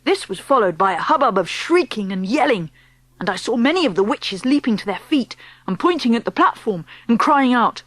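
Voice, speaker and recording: A woman narrating an audiobook for children, telling the story in a lively way. Her voice sits a little high and moves freely up and down. The recording is close and dry. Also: brisk, no echo. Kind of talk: scripted narration.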